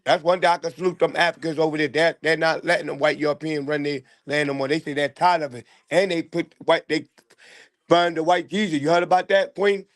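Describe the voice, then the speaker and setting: A man's voice: fairly high pitch, flat delivery, brisk. A man chiming in on a talk radio show in a loose, conversational way that often circles back and repeats itself. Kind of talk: casual opinion talk.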